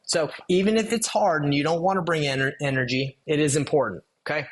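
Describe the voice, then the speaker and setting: A man's voice: a little high, brisk. A man coaching sales calls in a casual, conversational way, walking through a phone script and acting out both sides of the call. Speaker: real estate wholesaling coach. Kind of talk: casual teaching walkthrough of a cold-call script.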